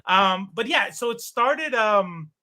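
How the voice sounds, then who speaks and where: A man in his thirties telling stories in a casual chat, animated, swearing and acting out what people said. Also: high voice, takes it slowly. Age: 30s. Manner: animated, swearing, acts out quoted dialogue. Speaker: podcast guest.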